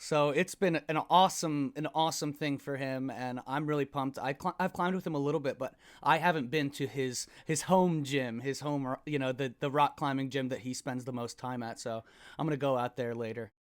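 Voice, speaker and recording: An American man co-hosting a comedy podcast, speaking in his gravelly morning voice, easygoing and quick to laugh. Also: mid-range voice, steady tone. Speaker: podcast co-host. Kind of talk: casual comedy podcast chat.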